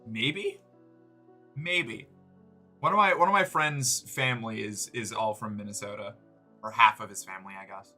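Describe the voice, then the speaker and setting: A man's voice: fairly low pitch, fairly quick, pushed and bright, soft background music. An American man chatting casually with viewers on a livestream, rambling with lots of fillers and swearing freely. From United States.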